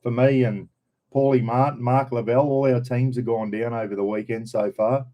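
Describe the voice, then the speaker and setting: A man's voice: mid-range voice, steady tone, moderate pace, highs cut off. A man with a North Queensland Australian accent, chatting casually and rambling to viewers on a live stream from home, full of broad slang. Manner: laid-back, rambling, broad colloquial slang. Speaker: vlogger. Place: home, indoors.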